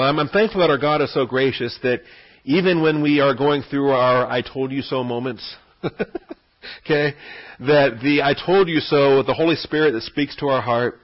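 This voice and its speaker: A man teaches a Bible study in an easy, conversational way, often repeating himself and pausing to ask "okay?". His voice is husky and sits at an ordinary pitch for a man. The recording sounds dull and lo-fi. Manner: conversational, repeats words, frequent "okay?" check-ins.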